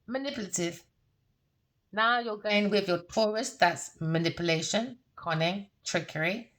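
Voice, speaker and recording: At a measured pace and with background noise, this tarot reader delivers a casual reading. She's brash, foul-mouthed and mocking, laughing a lot and lurching from low mutters to loud, high outbursts.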